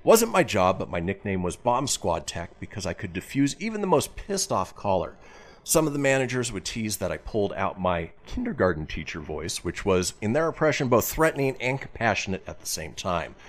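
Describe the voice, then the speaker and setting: A man's voice: fairly low pitch, very animated, brisk. A male radio host chatting casually and reading listener messages aloud with a jokey manner.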